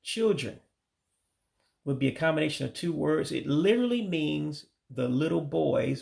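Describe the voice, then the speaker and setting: A man teaching vocabulary from his studies, saying each word slowly and carefully and often correcting himself. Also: mid-range voice, creaky. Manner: slow, careful word-by-word pronunciation with frequent self-corrections. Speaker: language learner teaching vocabulary. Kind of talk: informal vocabulary lesson.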